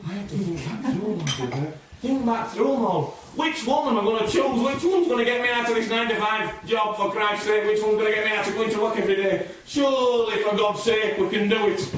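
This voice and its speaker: A man's voice: sits high, fairly even intonation, brisk, hardly any pauses, noisy background. A man performing a theatrical solo monologue, musing aloud in an exasperated way, heard from a distance in an echoey room.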